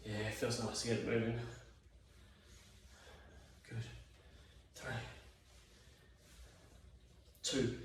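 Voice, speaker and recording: A man leading a home exercise class, tired and yawning, chatty and encouraging as he counts reps. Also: mid-range voice. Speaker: fitness instructor. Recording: very echoey room, mic at a distance.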